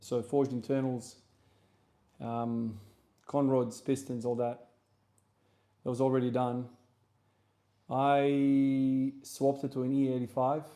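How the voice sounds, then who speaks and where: A man from South Australia with an Australian accent, chatting casually on a livestream between gym sets and answering questions from chat in a relaxed, rambling way. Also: medium pitch, slow, long pauses. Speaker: streamer and lifter.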